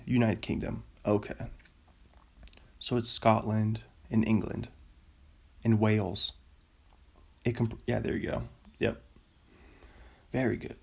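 Slow husky guy rambling on his podcast, jokey, goofs around with squeaky bits. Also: a little mellow. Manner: rambling, self-mocking, bursts into silly high-pitched bits. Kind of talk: casual chat and reading a plot recap. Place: home.

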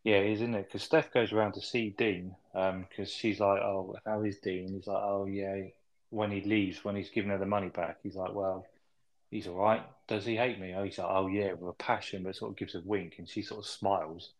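Male co-host, lower voice, laid-back storytelling recap, sprinkled with "you know". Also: normal speed, low-quality recording. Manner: relaxed plot recap, hedging fillers. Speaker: podcast co-host. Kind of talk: casual film review chat.

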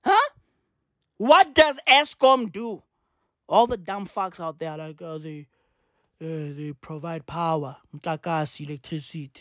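A woman's voice: sits low, animated, a little slow, a bit bright, no room sound, clean studio sound. Swearing South African woman in her twenties. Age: 20s. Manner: swearing, exasperated, repeats questions. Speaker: vlogger. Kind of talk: profane ranting monologue.

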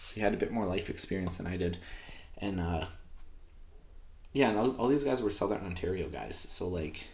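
A man's voice: sits low, a little mellow, a little hiss or hum. A man in his twenties from Canada, rambling frankly and profanely in a personal audio diary. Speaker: vlogger.

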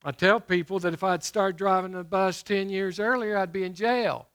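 A middle-aged man preaching a sermon, emphatic, throwing questions to his listeners and slowing to stress scripture. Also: high voice, fairly even intonation, a bit bright.

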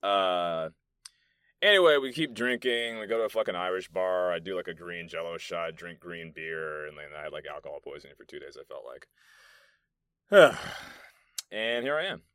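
Deep-voiced profane New York man rambling. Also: expressive, normal speed, bright, forceful tone, clear, resonant tone, no echo, studio quality. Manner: rambling, profane, storytelling with many fillers. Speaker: podcast host. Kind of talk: casual solo podcast monologue. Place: soundproof meeting room in an apartment complex.

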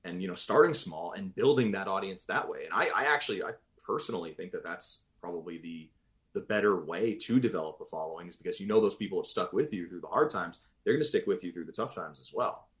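A man from Boston talks casually as a voice actor guest. His pitch swings widely, rising and falling as he rambles. He often breaks off mid-sentence to restart, and laughs easily along the way. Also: animated, fast, fairly bright tone. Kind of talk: casual interview chat.

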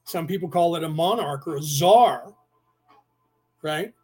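A man's voice: on the high side, a little slow, a little mellow, husky, faint music behind. A man hosting a livestreamed class, explaining in a rambling way, repeating himself and spelling out words letter by letter. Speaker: podcast host teaching a class. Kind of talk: casual livestream lecture.

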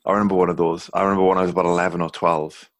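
A man's voice: deep voice, flat delivery, very fast, no room sound. A man in his thirties from England, hosting a podcast in a loose, chatty way, rambling with many "you know"s. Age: 30s. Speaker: podcast host. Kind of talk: casual podcast chat.

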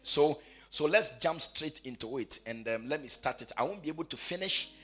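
A man preaching a sermon who repeats his phrases and swings from quiet asides to shouted, sing-song proclamation. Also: on the high side, lively intonation, moderate pace, soft background music.

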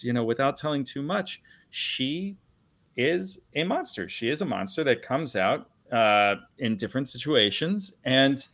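A man speaks with a lively, swooping delivery as he retells a film's story with enthusiasm. He is a guest on a talk stream, animated and eager. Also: medium pitch. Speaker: filmmaker guest.

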